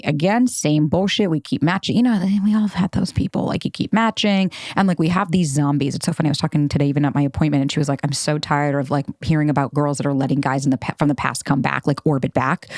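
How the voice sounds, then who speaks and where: A woman's voice: deep voice, fast talker, few pauses, darkish tone, no room sound, studio quality. Candid, swearing woman podcast host. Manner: candid, casual, swears freely, heavy use of "like". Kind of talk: solo podcast storytelling.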